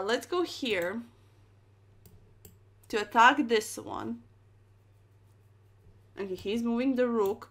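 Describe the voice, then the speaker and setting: A woman's voice: a little high, a bit bright. A young woman streaming chess, commentating her moves with playful slang and dramatic exclamations.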